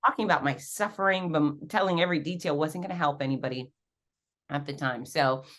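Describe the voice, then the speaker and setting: A woman guest on an interview podcast telling her story in a lively, animated way, acting out quoted voices with big jumps in pitch. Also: brisk. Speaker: podcast guest, fitness professional and race announcer.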